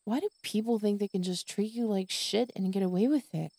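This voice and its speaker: A woman's voice: medium pitch, fairly quick, mellow, no room sound. Exhausted woman ranting on her podcast. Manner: exasperated, swearing, tired ranting. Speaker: podcast host. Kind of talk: venting monologue.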